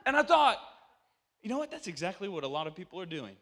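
A man in his forties, a pastor, preaching a lively storytelling sermon in a church, joking and now and then breaking into loud shouts. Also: sits high, quick pace. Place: church sanctuary.

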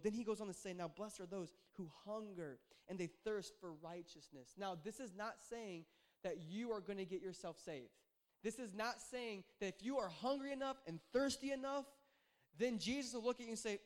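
A young adult man, a pastor, preaching a conversational sermon, joking and telling animated stories. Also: high voice, normal speed.

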